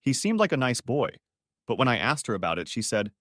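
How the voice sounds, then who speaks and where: A man narrating a dramatic first-person family story audiobook in an expressive, emotional way. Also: mid-range voice, a little fast, no room sound, studio quality.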